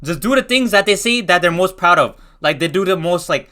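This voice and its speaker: A man's voice: high voice, expressive, a little fast, sharp tone. A young man casually telling a rambling storytime, full of slang and restarts.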